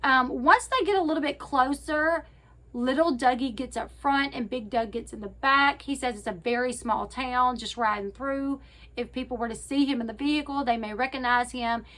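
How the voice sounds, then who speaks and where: A woman with a high-pitched voice retells a reality show to her viewers in a casual, chatty way. She talks straight to the audience, pads her sentences with fillers and corrects herself as she goes. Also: moderate pace, fairly bright tone. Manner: chatty, addresses viewers directly; frequent fillers and self-corrections. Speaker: YouTube commentator.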